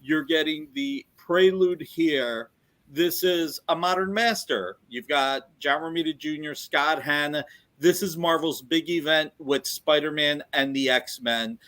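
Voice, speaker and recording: A man dealing in comic art, giving an enthusiastic, rambling sales pitch in casual talk. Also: a little slow, pushed and bright.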